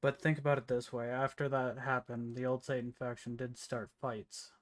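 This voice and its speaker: A man speaks in character in a live role-play, guarded and holding back, with a reluctant, confessional tone. His voice sits at an ordinary middle pitch. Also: level tone, moderate pace, no room sound.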